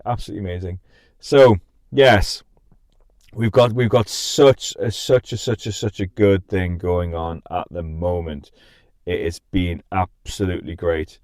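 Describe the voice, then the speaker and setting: A man's voice: mid-range voice, no room sound. Giggly, scattered young man chatting live. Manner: giggly, scattered, self-interrupting. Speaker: podcast and stream host. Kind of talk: casual live-stream chat.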